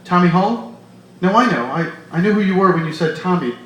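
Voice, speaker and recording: A man reading aloud as a hesitant middle-aged man on the phone, halting and stammering as he speaks. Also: high-pitched, expressive, a bit bright, lo-fi sound. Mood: flustered. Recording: echoey bar room with light noise.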